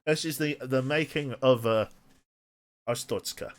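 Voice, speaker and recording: A man streams a game, thinking aloud and rambling to himself with many restarts in casual commentary. His voice is mid-range and a little slow.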